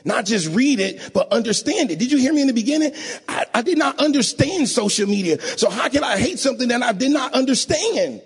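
A man preaching a sermon in a church, emotional and rising to sing-song shouts, often asking the congregation to agree. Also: extremely high pitch, sing-song, fairly quick, slightly rough. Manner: call-and-response, asks audience to agree.

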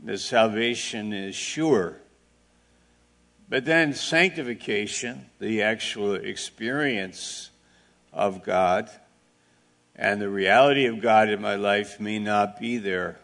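Slow, gravelly-voiced male preacher. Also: on the low side, fairly bright tone. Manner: slow, deliberate preaching with rhetorical questions; plain-spoken, with asides and audience back-and-forth. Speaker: pastor. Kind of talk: sermon.

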